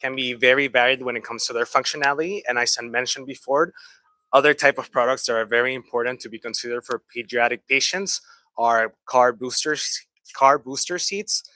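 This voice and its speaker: A man talks a training group through pediatric mobility products in a fluent, explanatory way, now and then turning lightly conversational. His voice is bright and forward, recorded close and dry. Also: medium pitch, fairly quick, no room sound, poor audio. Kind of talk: presentation. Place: training room.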